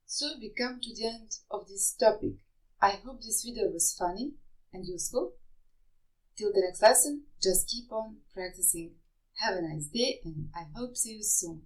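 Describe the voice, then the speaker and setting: A woman's voice: medium pitch, moderate pace, low-quality recording. A woman teaching pronunciation, spelling out rules and carefully over-articulating example words. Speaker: French teacher. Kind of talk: slow, deliberate pronunciation lesson.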